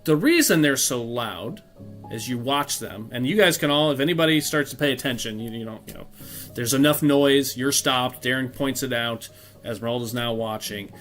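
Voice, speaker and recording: A man runs a tabletop game, rambling through his descriptions with plenty of fillers and restarts. His voice is bright and forceful, and faint music sits in the background. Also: medium pitch, normal speed. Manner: rambling, full of fillers and self-corrections. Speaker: game master.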